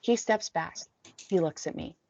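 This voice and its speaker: Gravelly low-voiced woman reading aloud. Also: measured pace, a little mellow, dry recording. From San Francisco Bay Area. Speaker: podcast guest. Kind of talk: reading her memoir aloud. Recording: dull dry lo-fi recording.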